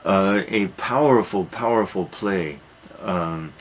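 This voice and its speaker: Speaking slowly in a low voice, this man lectures on literature, recounting a Greek tragedy with storyteller drama and repeated words for emphasis. There's some hiss or hum on the rough recording.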